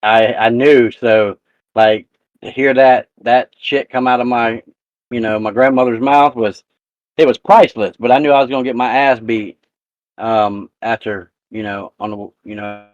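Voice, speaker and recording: A man hosting a casual live talk show, spinning a profane, animated family story. His mid-pitched voice comes through dry and a bit dull, with no room sound. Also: moderate pace, dry recording. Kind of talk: casual chat.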